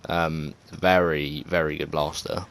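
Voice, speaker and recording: English guy, very low voice, loose and unscripted game commentary, swears and hesitates a lot. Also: flat delivery, measured pace, vocal fry, a bit bright, a little hiss or hum. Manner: rambling, hesitant, lots of fillers and swearing. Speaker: gaming video creator. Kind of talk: casual gameplay commentary.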